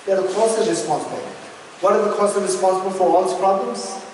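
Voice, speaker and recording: A man's voice: high voice, quick pace, distant mic, slight background noise. A male Buddhist teacher giving an interactive dharma lesson, questioning his audience and repeating key points for emphasis. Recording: echoey hall recorded from afar.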